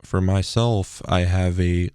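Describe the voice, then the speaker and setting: Deep, flat-voiced young man explaining settings. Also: slow, clear, resonant tone, no room sound, studio quality. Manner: relaxed, loose, with frequent ums. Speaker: streamer giving a tutorial. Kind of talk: casual tutorial explanation. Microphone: bass-heavy broadcast dynamic microphone.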